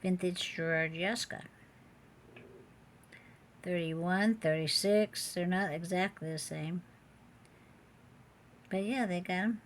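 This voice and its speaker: A woman with a fairly low pitch talks slowly, leaving long pauses, over a slight hiss or hum. She sells jewelry online and is recording a laid-back vlog in a home room with the door open, chatting, muttering to herself, and exclaiming a lot.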